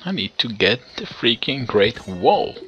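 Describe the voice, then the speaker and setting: A man giving excitable let's play commentary on a strategy game, talking straight to his viewers and chuckling often. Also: mid-range voice, unhurried, slight background noise. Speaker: gameplay commentator.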